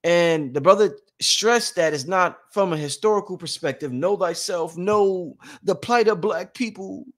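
A man hosting a casual livestream, reading out chat shout-outs and talking informally, often repeating himself and swinging between loud and quiet. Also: sits high. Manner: informal, drawn-out, repeats phrases. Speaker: livestream host.

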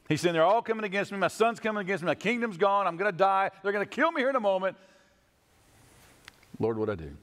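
Male pastor, sermon, lively swooping delivery, fairly high voice, long church reverb. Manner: dramatic, voices quoted figures with pitch swings. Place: church sanctuary.

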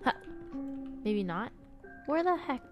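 A young woman streaming a horror game with a high, bouncing voice that swings from hushed muttering to delighted squeals. She takes her time, coos baby talk at a little companion, and faint game music plays underneath. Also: takes it slowly. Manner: swings between quiet muttering and excited squeals. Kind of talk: casual gameplay commentary.

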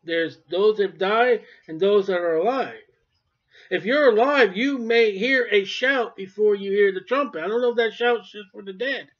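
Emphatic high-voiced man preaching. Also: moderate pace. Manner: emphatic, swings between loud and quiet. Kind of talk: sermon. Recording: dull lo-fi recording.

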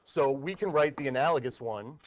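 A man's voice: medium pitch, a little fast, dull audio, slight background noise. A man teaching a math class at the board, explaining step by step and asking his students questions.

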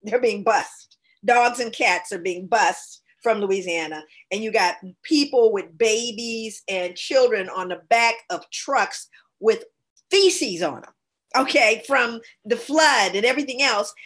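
High-voiced woman guest recounting a story. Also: a little slow, fairly bright tone. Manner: earnest storyteller, voices the people she describes. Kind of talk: casual conversation, recounting experiences.

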